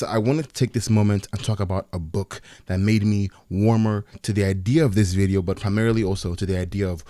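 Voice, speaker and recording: A man in his twenties from Nigeria, narrating a reflective personal video essay in a soft-spoken way. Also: deep voice. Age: 20s.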